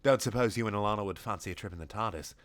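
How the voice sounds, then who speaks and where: A man voicing an eccentric male time traveller in a quick, polite manner. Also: on the low side, lightly acted. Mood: eager.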